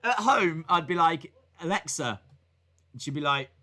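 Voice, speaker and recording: A man hosts a casual live reaction stream, rambling from one joke to the next. His voice is bright and lively, swinging widely up and down as he acts out goofy voices. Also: fairly high pitch, a little slow.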